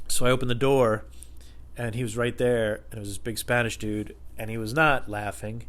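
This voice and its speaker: A young man vlogging at home into a tiny close microphone, telling a story in a profane, animated way and laughing often. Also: mid-range voice, fairly quick. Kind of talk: casual storytelling. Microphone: tiny microphone held close.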